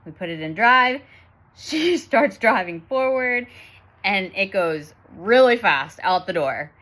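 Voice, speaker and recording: A woman's voice: medium pitch, sing-song, a little slow, a bit bright. A woman in her thirties telling a family story in a chatty vlog, laughing often as she talks. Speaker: vlogger and mother.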